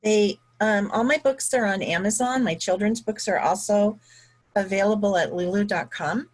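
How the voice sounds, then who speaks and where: A woman author being interviewed on a podcast, speaking softly and agreeably. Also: medium pitch, normal speed, low-quality recording. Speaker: guest author. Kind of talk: casual interview chat.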